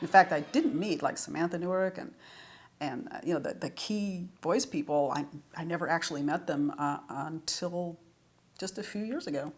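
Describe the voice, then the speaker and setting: Chatty woman with a lowish voice. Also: moderate pace. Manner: chatty, anecdotal, laughs often. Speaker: series writer. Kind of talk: retrospective interview.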